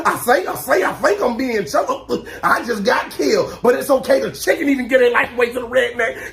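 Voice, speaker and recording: Male comic, high voice, loud animated rants, slangy drawl. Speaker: comedy creator. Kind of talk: comedic monologue.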